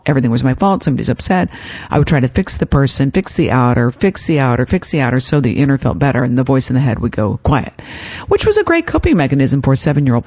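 A woman speaks on her self-help podcast in a gentle, encouraging way. Her pitch swings widely as she coaches the listener. She is calm and kind as she gives advice. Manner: gentle, encouraging, acts out her inner voice in quotes. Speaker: podcast host and life coach.

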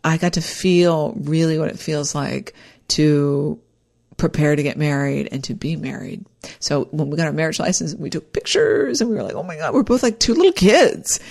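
A woman casually telling a personal story, animated and rambling, with frequent restarts. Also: low-pitched, moderate pace, gravelly. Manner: animated, acts out quoted dialogue.

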